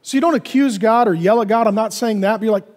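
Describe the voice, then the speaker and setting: A male pastor preaching a sermon in an animated way, acting out little dialogues in other voices. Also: sits high, quick pace, long reverb tail.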